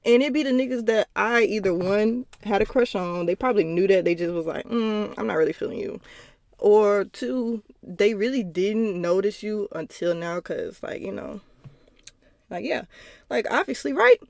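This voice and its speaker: A woman's voice: mid-range voice, expressive, normal speed, darkish tone, no echo, studio quality. A young woman hosting her own podcast, telling personal stories in a rambling, profane, casual monologue with laughing asides, recorded at home. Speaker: podcast host.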